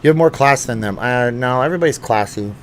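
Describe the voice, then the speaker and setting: Speaking fast at a medium pitch, a livestream host runs a casual live chat from his home studio under hot lights. He's chatty and jokey, reading viewer comments aloud into a studio microphone, with slight background noise.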